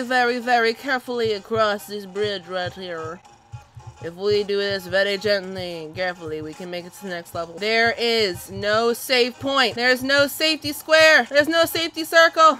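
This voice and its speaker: A young woman commentating her gameplay with loud, excitable, cursing reactions and squeals. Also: a little high. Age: young adult. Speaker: gaming video host.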